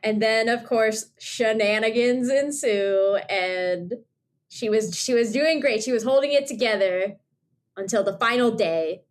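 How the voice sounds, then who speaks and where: Animated, giggly woman podcast host. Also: a little high, a little slow. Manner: animated storytelling, acting out characters, laughs often. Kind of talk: casual chat.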